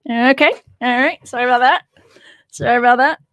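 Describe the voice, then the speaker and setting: A woman's voice: sits high, steady tone, brisk, fairly bright tone, dry recording. Musing woman scholar on a dry livestream. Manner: musing aloud, laughing often, stresses words. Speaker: biblical scholar hosting a livestream. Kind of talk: casual livestream teaching.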